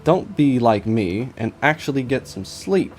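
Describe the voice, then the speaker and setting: A man's voice: mid-range voice, lively intonation, a little slow, darkish tone, soft background music. Rambling young man streaming while drawing. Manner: rambling, self-mocking, stammers with repeated I's. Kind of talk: casual live-stream chat while drawing.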